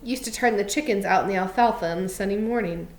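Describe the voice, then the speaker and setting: A woman's voice: medium pitch, fast talker, close to an everyday voice. Crooks, a brooding stable hand, read by a woman. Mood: wistful, scornful. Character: bitter, lonely older stable hand.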